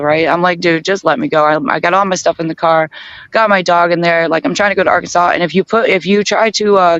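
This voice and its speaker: A man telling a story in a casual group chat, animated, acting out both sides of the conversation and laughing often. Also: high voice, clear, resonant tone, dry recording, lo-fi sound. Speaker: guest on a group chat show.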